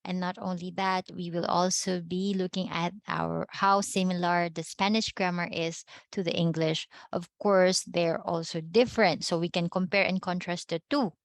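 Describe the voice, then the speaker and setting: A woman's voice: on the low side, fairly even intonation, normal speed, few pauses, no room sound. A woman teacher with a Filipino accent giving an online class, mixing English and Filipino and checking in with "okay?" and "no?".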